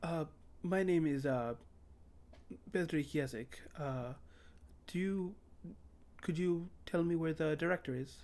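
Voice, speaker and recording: A man voicing a polite, formal adult man who speaks gently to a child, with a slightly halting delivery. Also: a little high, creaky. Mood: gentle.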